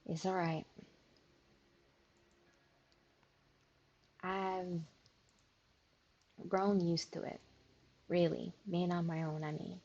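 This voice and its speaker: A woman's voice: lowish voice, level tone, slow pace, darkish tone, lo-fi sound. A woman voicing a lonely young woman gravedigger who is shy and eager to please. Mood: lonely, hopeful.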